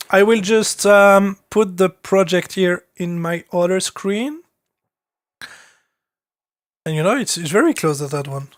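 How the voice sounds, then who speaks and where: French-accented man thinking aloud, slow. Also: high voice. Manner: thinking aloud, halting, with many fillers. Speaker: music producer streaming live. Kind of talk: casual live-stream commentary.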